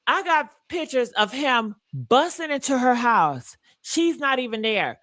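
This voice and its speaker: A woman's voice: sits high, expressive, a little slow, a bit bright, no echo, clean studio sound. A woman hosting a casual gossip livestream, talking emphatically and repeating points for emphasis. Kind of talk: casual commentary.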